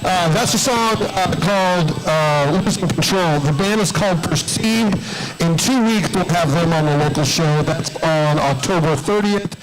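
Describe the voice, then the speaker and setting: A man's voice: on the high side, a little slow, low-quality recording. A man hosting live radio, rambling with friendly chat and lots of fillers. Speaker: radio show host.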